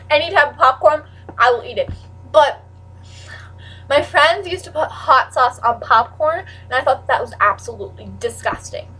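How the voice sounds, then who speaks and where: A teenage girl vlogger with a high voice chats casually to the camera, rambling, saying "like" constantly and breaking into sudden loud outbursts. The mic is distant and the recording rough.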